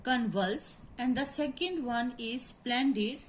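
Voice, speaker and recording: A woman teaching word stress in a halting lecture, with many fillers and quick Hindi asides. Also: fairly high pitch, slight background noise, poor audio. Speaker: English literature teacher.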